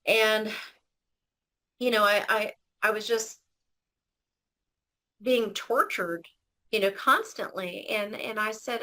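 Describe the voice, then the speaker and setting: A woman's voice: medium pitch, slow pace, pauses often, sharp tone, low-quality recording. A woman telling her personal story as an interview guest, earnest and emotional, often restarting her sentences.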